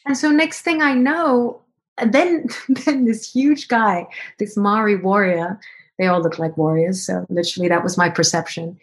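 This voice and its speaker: A woman guest on a podcast telling a personal story in an animated way, acting out both sides of remembered conversations. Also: mid-range voice, moderate pace. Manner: animated, acts out both sides of dialogue in quoted voices.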